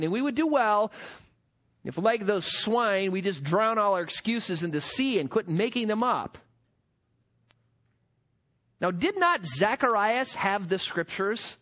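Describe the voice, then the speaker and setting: A man's voice: high-pitched, expressive, unhurried, fairly bright tone. A man preaching a sermon as pastor, emphatic and full of rhetorical questions.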